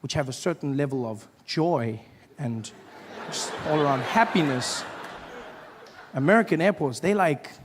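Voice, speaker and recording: A man with a South African accent doing animated stand-up storytelling, acting out the people in it. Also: fairly high pitch, a little slow, long pauses, noisy background. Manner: animated, playful, acts out characters. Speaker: stand-up comedian.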